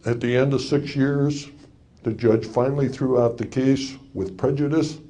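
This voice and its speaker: Older man, folksy storyteller, wry punchlines, mellow dark voice. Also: mid-range voice, steady tone, moderate pace. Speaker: speaker telling a story to an audience. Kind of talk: storytelling talk to a live audience.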